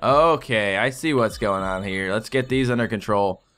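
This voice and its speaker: Gaming host, male, excitable and sweary, forceful bright tone, faint music behind. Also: on the low side, normal speed, smooth. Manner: excitable, swears, yells at the patients. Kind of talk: let's play commentary.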